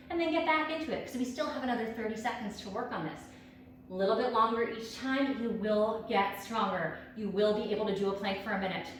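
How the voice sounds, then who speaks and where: A woman's voice: a little high, a little hiss or hum. A woman fitness instructor leading a workout, upbeat and out of breath as she counts reps and coaches. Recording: echoey room, distant mic.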